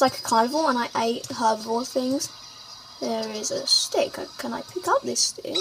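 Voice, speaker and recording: Excitable high-voiced woman gaming. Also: moderate pace, heavy background noise. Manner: excitable, shrieks and talks to game creatures. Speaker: gaming channel host. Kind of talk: let's play commentary.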